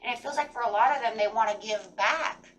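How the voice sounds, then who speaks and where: A woman's voice: a little high, fairly quick, a bit bright, recorded from a distance, a little hiss or hum, rough recording. A woman giving a casual tarot reading, rambling and full of fillers like "kind of" and "like". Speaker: tarot reader.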